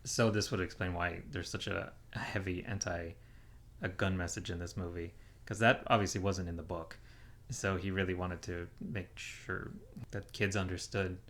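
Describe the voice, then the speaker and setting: A man co-hosting a podcast, casually retelling a film's plot with many fillers. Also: sits low. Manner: relaxed, filler-heavy retelling. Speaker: podcast co-host. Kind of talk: casual film discussion.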